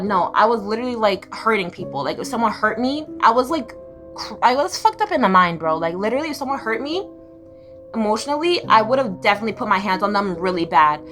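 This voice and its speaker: A young woman telling her own painful life story in a raw, blunt, confessional way. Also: mid-range voice. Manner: emotional, blunt, swearing, swings between raw and flat. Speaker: vlogger. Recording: music playing behind the voice.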